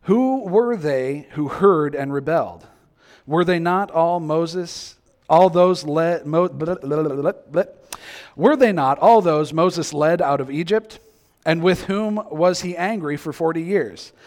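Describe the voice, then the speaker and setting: A man's voice: a little high, expressive, slow pace, darkish tone. A male preacher giving a sermon, acting out quoted reactions and asking the listeners many questions.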